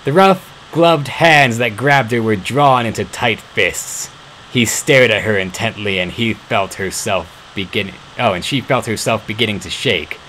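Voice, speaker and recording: A man's voice: on the low side, a little slow, fairly bright tone, a little hiss or hum, low-quality recording. A man reading a fan story aloud, stumbling and correcting himself now and then. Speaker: fan-fiction reader.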